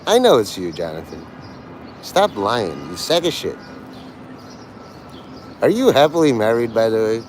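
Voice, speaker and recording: A male streamer from New York City talks to his chat in an abrasive, taunting and erratic way. His pitch swings widely up and down. A faint hum of city traffic sits behind him on the street. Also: very animated, a little slow, pauses often, darkish tone, low-quality recording. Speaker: livestreamer talking to his chat. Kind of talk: rambling live-stream chat.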